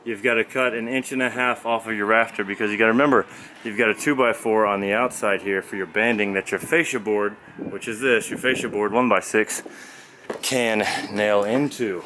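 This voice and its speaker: A man's voice: lowish voice, steady tone, fairly quick, pushed and bright. A man walking through his building work outdoors, explaining each step in a loose, folksy way, recorded on a camera's own mic. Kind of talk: casual job-site walkthrough. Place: outdoor construction site, windy. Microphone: camera's built-in mic. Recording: windy outdoor camera audio. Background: wind noise.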